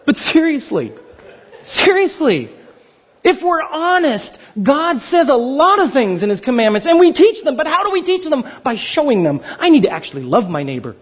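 A man with a high, husky voice preaches a sermon in a lively, joking way, slipping in little acted conversations. His pitch swings widely, and the lo-fi recording sounds dull. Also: moderate pace. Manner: animated, joking, acts out little dialogues. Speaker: pastor.

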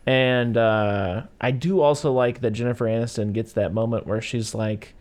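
A man co-hosting a casual podcast, recapping a film scene by scene and slipping into quick silly voices for its characters. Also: mid-range voice. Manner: animated, acts out movie characters in quick put-on voices. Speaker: podcast co-host. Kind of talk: casual movie recap chat.

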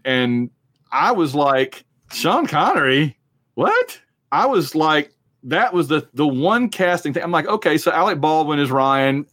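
A man co-hosting a casual movie podcast, talking in a rambling, jokey, animated way. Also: mid-range voice, no echo, studio quality. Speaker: podcast co-host.

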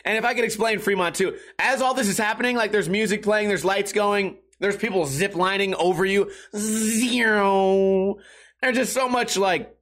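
A man's voice: high voice, moderate pace, a bit bright. A man telling a casual story in a rambling, profane way, often laughing as he talks.

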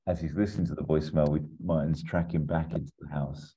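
A man chatting casually as a podcast co-host, rambling through a pitch with lots of fillers and chuckles. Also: fairly even intonation, quick pace, mellow, slightly rough. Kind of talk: casual chat. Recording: slightly muffled recording.

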